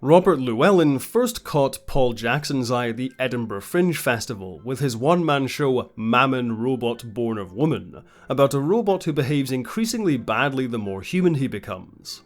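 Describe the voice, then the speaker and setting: A man narrating a scripted TV retrospective in a measured, informative way. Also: mid-range voice, animated. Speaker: video essay narrator.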